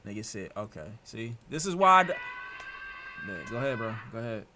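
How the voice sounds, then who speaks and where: A young male streamer from Detroit reacts to his chat in loose, profane commentary. He swings between low mutters and sudden loud outbursts in a mid-range voice. A faint hum of noise sits behind him. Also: brisk. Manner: excitable, swearing, jumps from mutters to loud outbursts.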